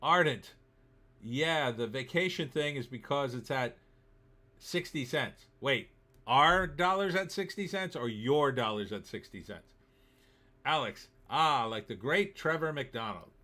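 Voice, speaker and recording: A man's voice: medium pitch, expressive, a little slow, bright, forceful tone. A middle-aged man from New Jersey hosting a casual live stream, reading viewer comments aloud and answering them with sarcastic asides. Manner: chatty, sarcastic, reads chat comments aloud. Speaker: livestream host reading viewer chat.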